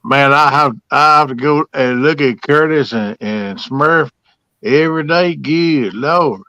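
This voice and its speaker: A man's voice: on the high side, a little slow, sharp tone, no echo, lo-fi sound. A man chatting casually as co-host, joking, laughing and slipping into silly voices. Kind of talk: casual live chat.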